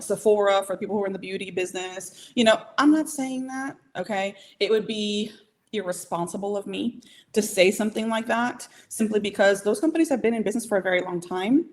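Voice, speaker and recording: A woman giving a live training to small business owners, talking directly and emphatically, and checking in often with "okay?" and "right?". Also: medium pitch. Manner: emphatic, coaching, keeps asking "okay?" and "right?"; direct and motivational, speeds up and slows down.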